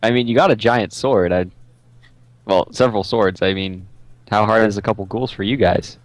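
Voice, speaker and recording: A man running a tabletop game on a live stream, with a lowish voice. He describes scenes in a halting way, full of ums and uhs. The recording is dry and close. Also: no room sound. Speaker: game master.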